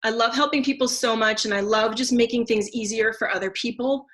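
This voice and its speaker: A woman in her thirties tells her story in a loose, chatty way, full of "like" and "um". Her voice sits a little high and rings bright and forward. She sounds effusive and sincere. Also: steady tone, a little fast. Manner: chatty and effusive, many fillers and restarts. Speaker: teacher and essential oils seller. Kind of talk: casual testimonial talk.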